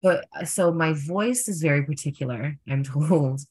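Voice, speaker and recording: A young drag performer tells stories in a casual interview, packing his speech with fillers and animated voices when quoting people. His voice is a little high with a breathy edge, at a normal speed.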